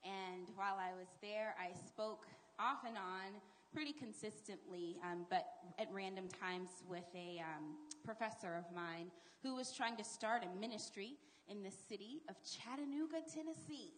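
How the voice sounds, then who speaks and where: Animated woman on a live panel. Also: mid-range voice, normal speed, a little hiss or hum. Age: middle-aged. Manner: animated storyteller with emphatic asides. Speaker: panel guest.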